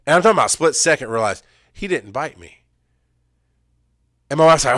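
A man's voice: medium pitch, normal speed, long pauses, dry recording, studio quality. Blunt, earnest middle-aged man. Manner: earnest, blunt, swings between loud emphasis and quiet asides. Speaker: EMS worker speaking on mental health. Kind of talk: candid personal talk to peers.

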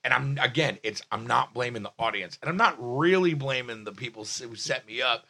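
New guy telling a comedy story, gravelly and bright, swears a lot, trips over himself. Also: medium pitch, a little fast. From Staten Island, New York. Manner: animated, profane, many restarts and filler words. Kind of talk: casual podcast storytelling.

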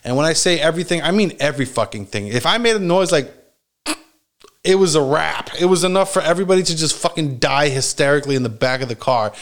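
A man telling a long story from his childhood in a casual, rambling way, swearing often and filling pauses with "like" and "you know". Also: fairly high pitch, fairly bright tone. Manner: rambling, heavy swearing, frequent fillers and laughs.

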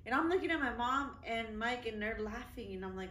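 Brash young woman co-host, higher voice, cussing through a funny story; roomy, off-mic sound. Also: lively intonation, a little fast. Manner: loud, profane storyteller, bursts of laughter. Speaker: podcast co-host. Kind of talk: casual chat. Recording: echoey room, mic at a distance.

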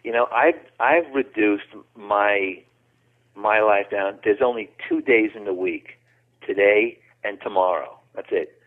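A man's voice: lowish voice, a little slow. A man speaking as an interview guest, emphatic and repeating his opening words before finishing a thought. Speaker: guest, coaching website founder. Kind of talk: interview conversation. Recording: tinny phone line.

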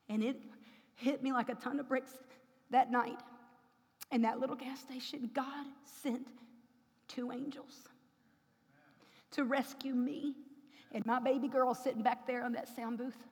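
A woman preacher telling a personal testimony in a sermon, rising to loud, emphatic preaching. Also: high-pitched, steady tone, a little slow, pauses often. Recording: long hall reverb.

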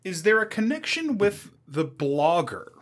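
A man co-hosting a casual comedy podcast, trading quick, wry comebacks. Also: sits high, sing-song. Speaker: podcast co-host.

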